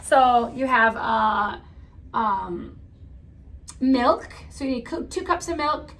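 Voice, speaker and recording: A woman's voice: fairly high pitch, expressive, slow pace, a bit bright. A woman giving a casual lesson to children, chatty with lots of fillers and asides. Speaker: teacher. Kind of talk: casual classroom lesson for kids.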